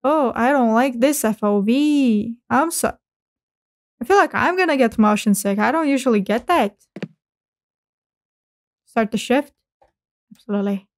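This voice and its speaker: A woman hosting a video game playthrough, chatting casually with crude jokes and sudden loud outbursts. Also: a little high, expressive, a little slow, long pauses, no room sound. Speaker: gaming video host. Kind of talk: casual let's play commentary.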